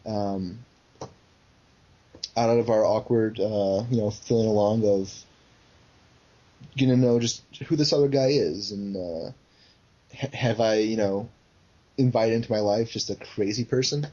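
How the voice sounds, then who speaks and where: Deep-voiced man, halting and husky. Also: mellow, dull audio. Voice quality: deep, smooth, bassy. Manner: halting, lots of fillers and restarts. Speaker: podcast co-host. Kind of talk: casual chat.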